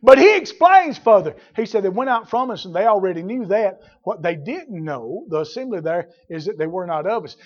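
A man preaching a sermon, building from plain talk to shouted fervor in folksy dialect. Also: high-pitched, sing-song, a little fast, few pauses. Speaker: pastor.

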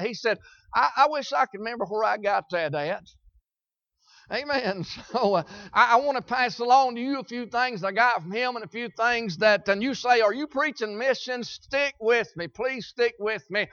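A man preaching a revival sermon, building from quiet scripture reading to fervent shouting, with many fillers and repeated words. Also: high-pitched, dry recording. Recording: slightly muffled, dry.

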